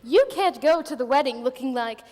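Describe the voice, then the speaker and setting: A woman's voice: sits high, lively intonation, brisk, darkish tone. A woman playing a tipsy, grand chaperone in an amateur stage musical, with a languid, theatrical drawl. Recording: reverberant stage hall with faint noise.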